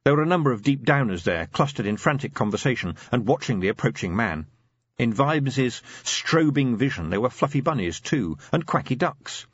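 A man with a husky, mid-pitched voice reads a novel aloud, with his intonation rising and falling freely. The recording is dry and close, and it sounds slightly muffled. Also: normal speed. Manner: lively, expressive storytelling. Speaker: audiobook narrator. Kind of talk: scripted narration.

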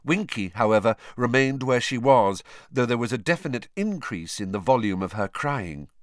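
Expressive storytelling marks this man's scripted audiobook narration. He speaks in a mid-range voice at normal speed, and the studio-quality audio carries no echo.

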